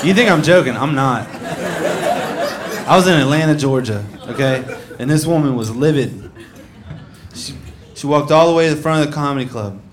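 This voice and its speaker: A man's voice: medium pitch, expressive, normal speed, long pauses, crowd noise. A man doing a stand-up comedy set on a club stage, telling stories in a dry, sardonic way. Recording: noisy live club recording.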